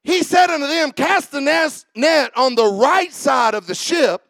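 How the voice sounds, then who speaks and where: A man preaching a sermon, animated and shouting, joking with the congregation. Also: extremely high pitch, unhurried, gravelly, no echo. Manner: animated, shouting preaching with laughs and audience calls.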